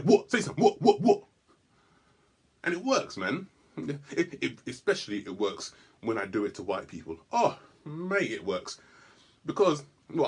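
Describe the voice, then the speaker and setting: A man telling a stand-up story in a comedy club, animated and given to sudden loud bursts and stammered restarts. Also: lowish voice, slightly rough.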